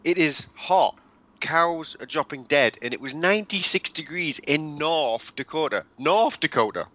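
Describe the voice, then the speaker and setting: A man's voice: fairly high pitch, lively intonation, a little slow, pushed and bright. A man co-hosting a casual podcast in a jokey, playful way. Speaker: podcast co-host. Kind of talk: casual roundtable banter.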